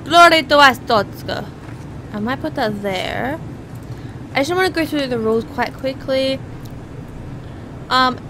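A woman's voice: high-pitched, background noise. A woman giving casual let's-play commentary, chatting and reading game lines aloud with mock-stern asides. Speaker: gaming channel host.

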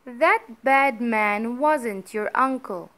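A woman voicing a poor, fretful mother who speaks in a high, emphatic voice. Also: extremely slow, bright, forceful tone, heavily acted. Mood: firm. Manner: high and emphatic, then humble.

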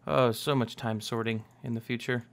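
A man's voice: mid-range voice, steady tone, normal speed, vocal fry. Young male let's-player, casual and rambling, self-correcting, jokey. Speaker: gaming YouTuber. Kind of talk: casual Minecraft let's play commentary.

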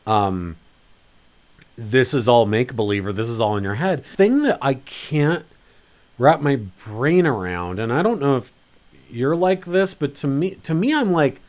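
A man co-hosting a casual film podcast, talking in an animated, rambling way and acting out quotes. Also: a little slow. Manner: animated, acts out quotes with big pitch swings; rambling, repeats words. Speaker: podcast co-host.

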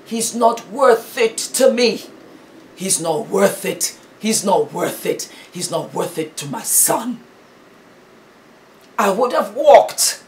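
A woman's voice: medium pitch, expressive, slow, darkish tone, slight background noise. A middle-aged British woman giving impassioned, emphatic commentary, preachy and repeating her points.

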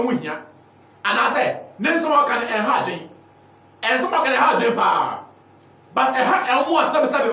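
Ghanaian male preacher, sermon, shouting, very roomy echo, distant from mic. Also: very high voice. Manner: forceful, often shouting, mixing Twi and English. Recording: echoey, voice from off mic.

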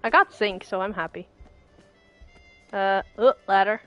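A woman's voice: medium pitch, a little slow, highs cut off, soft background music. A woman casually chatting and thinking aloud while playing a game. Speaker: game streamer. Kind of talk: casual let's play commentary.

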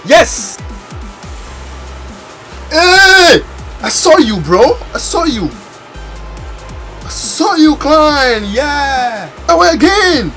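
A man giving excitable pack-opening commentary for a video game, exclaiming and shouting over each pick. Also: very high voice, very slow, long pauses, soft background music. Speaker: gaming YouTuber.

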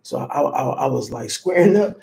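Gravelly-voiced man. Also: mid-range voice, moderate pace. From Los Angeles. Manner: profane, animated storyteller acting out quotes. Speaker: rapper. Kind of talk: casual storytelling.

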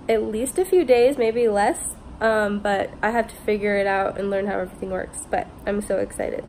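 A woman's voice: a little high, fairly even intonation, measured pace, a little mellow, a little hiss or hum. A woman vlogger chatting casually to the camera, filling her talk with "like" and "literally". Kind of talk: casual vlog chat to camera.

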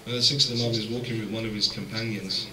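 A man from the UK giving a sermon as a guest speaker, telling stories that swing from hushed to impassioned. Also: lowish voice, steady tone, fast talker, noisy background. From United Kingdom. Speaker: guest speaker at a religious gathering. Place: large hall with an audience. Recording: echoey hall, mic at a distance, crowd present.

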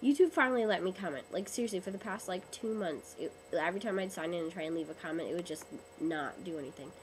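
Young woman, sick, losing her voice, low voice, chatty vlog, webcam, faint hiss. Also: quick pace. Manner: chatty, rambling, lots of ums. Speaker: vlogger. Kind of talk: casual vlog chat.

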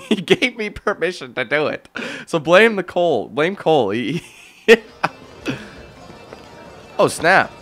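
A man's voice: on the high side, big pitch swings, a little slow, long pauses, a bit bright, faint music behind. A man giving casual, joking gameplay commentary, laughing and teasing as he plays. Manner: joking, laughing, trolling banter. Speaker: let's play commentator.

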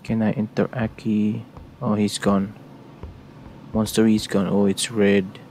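Young male let's player, low gravelly voice, nervous repetitive muttering. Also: little pitch movement, a little slow, warm tone, slight background noise. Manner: jittery, repeats words in nervous runs. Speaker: gameplay streamer. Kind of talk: let's play commentary.

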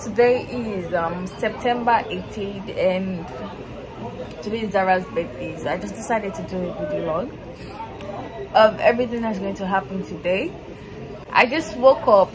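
Using slang, a young woman vents candidly and upset in a casual vlog shot on her phone in a hostel room. Her mid-range voice comes through with poor audio.

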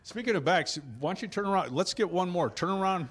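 A man's voice: high-pitched, expressive, brisk, fairly bright tone, slightly rough. A man hosting a casual company show, joking, laughing often and wandering into asides. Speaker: host. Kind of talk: casual chat.

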